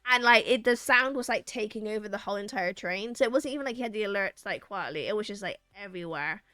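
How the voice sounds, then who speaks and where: Animated woman streamer telling stories. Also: mid-range voice, fast talker, clean tone, dry recording. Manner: animated, acts out quoted lines, rambling restarts. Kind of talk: casual storytelling to chat.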